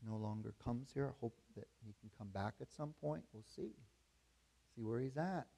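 A man's voice: medium pitch, normal speed, vocal fry, mellow. A man, the pastor, preaching a sermon in a conversational storytelling way that builds to emphatic preaching.

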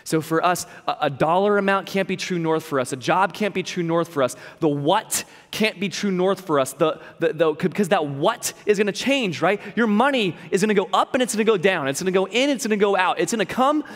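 A man's voice: high-pitched, expressive, a little fast, hardly any pauses, big-room sound. A young man giving a sermon as a pastor, telling a personal story in a conversational way with lots of repeats and fillers. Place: church hall.

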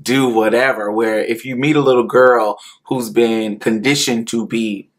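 An adult man from Indiana with a rural Indiana accent, slowly and candidly telling a personal story, often laughing and repeating himself. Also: medium pitch, fairly even intonation.

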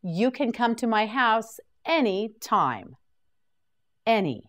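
Slow, lively-voiced woman teaching vocabulary. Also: on the high side, faint music behind. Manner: slow, deliberate repeat-after-me drilling. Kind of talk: slow drilled vocabulary lesson.

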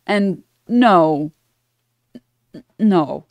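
A woman's voice: on the low side, expressive, extremely slow, dry recording. A woman streamer reacting to a clip at home, blunt and profane, rambling with jokes and at times keeping her voice down. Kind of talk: casual reaction commentary. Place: her apartment.

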